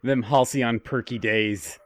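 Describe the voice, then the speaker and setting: A man's voice: mid-range voice, fairly even intonation, slow pace, over a noisy crowd. Dry-witted man with absurd jokes. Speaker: podcast co-host. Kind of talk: comedic banter.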